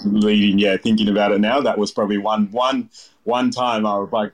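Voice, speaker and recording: Rambling Australian man, a bit low. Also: flat delivery, fairly quick. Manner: rambling, full of fillers, acts out voices in his anecdotes. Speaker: chef, interview guest. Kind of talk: casual storytelling.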